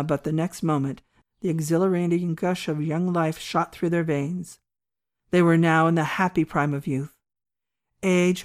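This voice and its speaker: Woman reading an old short story, measured and expressive, kinda low voice. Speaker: audiobook narrator. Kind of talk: scripted narration of a classic story.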